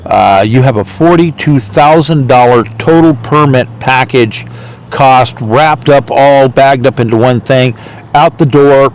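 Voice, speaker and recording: A man's voice: medium pitch, measured pace, rough recording. A man speaking as a political candidate in a rambling, off-the-cuff monologue, repeating himself and growing indignant.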